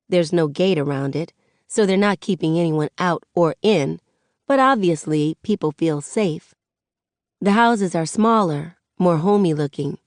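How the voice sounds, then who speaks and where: A woman narrating an audiobook in the first person, with relaxed, conversational storytelling. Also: fairly low pitch, no room sound, studio quality.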